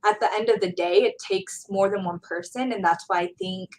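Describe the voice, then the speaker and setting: A woman's voice: mid-range voice, fairly even intonation, moderate pace, a little mellow, poor audio. A young woman, a college student in her Gen Z years, talking earnestly and heartfelt as an interview guest about motivating students. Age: young adult. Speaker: guest speaker. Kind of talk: casual interview chat.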